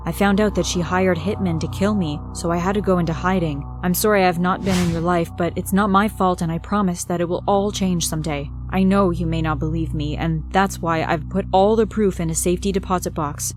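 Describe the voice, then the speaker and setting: A woman voicing a frantic father in hiding in an animated story, speaking urgently and pleadingly in her ordinary voice. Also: lowish voice, a little fast, hardly any pauses, over music, close to an everyday voice.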